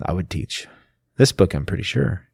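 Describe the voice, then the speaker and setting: A man's voice: low voice, animated, normal speed, vocal fry, a little mellow, husky, no echo, studio quality. A man hosting a podcast, casually explaining a novel's background and stopping to restart his sentences. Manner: explanatory, lists facts, frequent restarts. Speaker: podcast host. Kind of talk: casual book discussion.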